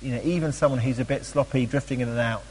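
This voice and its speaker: Husky man teaching in an echoing hall. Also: medium pitch, fast. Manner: chatty and animated, with frequent ums and playful asides. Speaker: Bible study teacher. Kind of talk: teaching a Bible study talk.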